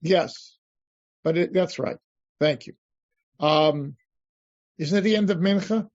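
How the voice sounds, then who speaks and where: An older man, a rabbi, teaching a class over a video call, animated, acting out pleas to God with many restarts. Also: fairly high pitch, takes it slowly, no room sound. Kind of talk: animated lecture. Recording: dull lo-fi video call audio.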